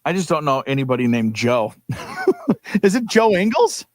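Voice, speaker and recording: A man's voice: fairly high pitch, huge pitch swings, moderate pace, a little hiss or hum. A man co-hosting a morning sports radio show, chatting casually, laughing easily and musing aloud while he guesses.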